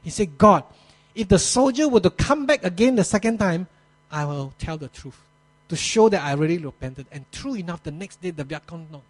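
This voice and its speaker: A man preaching a sermon, retelling a story with dramatic pauses and small grammar slips. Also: sits high, expressive, darkish tone, low-quality recording.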